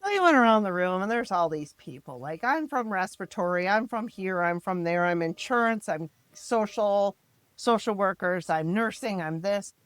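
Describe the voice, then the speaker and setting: A middle-aged mother from the American Midwest telling her family's story in an interview, emphatic and frank, turning animated when she quotes others. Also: mid-range voice, moderate pace, clean tone, dry recording. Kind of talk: personal storytelling in a podcast interview.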